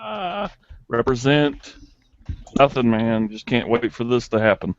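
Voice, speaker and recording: A man with a lively, swinging voice jokes and swears through a casual group commentary. He sounds dull and muffled over the call, with a faint hiss and keyboard clicks. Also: medium pitch, unhurried.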